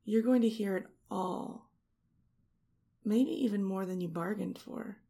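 In an intimate erotic audio role-play, a woman speaks slowly and unhurriedly, her mid-range, warm voice heavily gravelly with a husky edge. Close on a studio mic, she teases in a seductive murmur that sometimes drops into a whisper.

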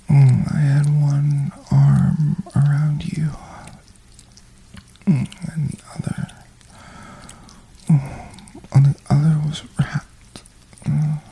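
Man for whispered role-play: very slow, dark mellow tone, close murmuring, soft moans. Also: on the high side, vocal fry, slight background noise, poor audio. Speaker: audio performer.

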